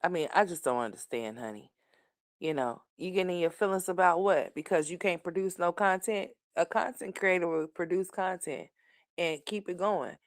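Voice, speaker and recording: Low-voiced woman ranting and cursing. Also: moderate pace, dry recording, studio quality. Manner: scolding, mocking and cursing. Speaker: commentary host. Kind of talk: profane commentary rant.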